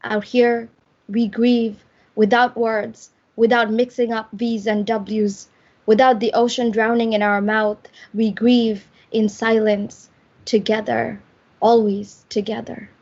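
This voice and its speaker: A woman poet giving a slow, measured poetry reading over a video call. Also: fairly high pitch, little pitch movement, darkish tone. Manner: slow, measured delivery with drawn-out lines. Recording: muffled video call audio.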